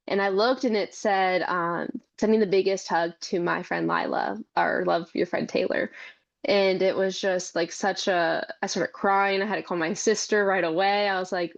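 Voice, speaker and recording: A woman's voice: medium pitch, steady tone, normal speed, gravelly. Earnest young woman, slightly muffled audio. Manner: earnest, talks in long run-on stories. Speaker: podcast guest, mother and caregiver. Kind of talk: conversational interview.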